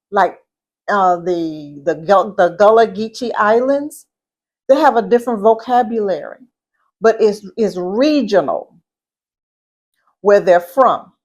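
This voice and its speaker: A middle-aged woman with a Louisiana Southern accent gives an etiquette lesson. She speaks at an unhurried pace in a mid-range voice. She repeats her points and puts questions to the listener. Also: medium pitch. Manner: slow and deliberate, repeats herself, asks the listener questions. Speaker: etiquette teacher. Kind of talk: instructional talk.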